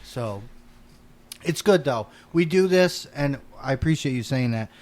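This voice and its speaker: A man from New York hosting a podcast, telling stories in an animated way and swearing casually. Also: mid-range voice, measured pace. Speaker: podcast host.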